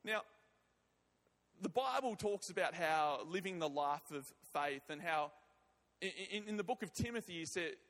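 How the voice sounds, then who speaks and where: High-voiced preacher man in a hall. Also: animated, moderate pace, a bit bright. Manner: emphatic, repeats words and phrases. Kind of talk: sermon with prayer. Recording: long reverb of a large hall.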